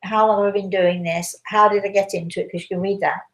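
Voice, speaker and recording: A woman's voice: medium pitch, steady tone, fairly quick, rough recording. An older woman and spiritual medium, answering audience questions in a chatty, repetitive way with frequent restarts. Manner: chatty, repeats phrases, restarts often. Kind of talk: casual live Q&A talk.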